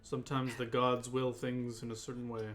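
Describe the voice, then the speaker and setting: A man voicing a bold, boisterous male adventurer who declaims loudly. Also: medium pitch, monotone, moderate pace, lightly acted. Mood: wry. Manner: declaiming, loud.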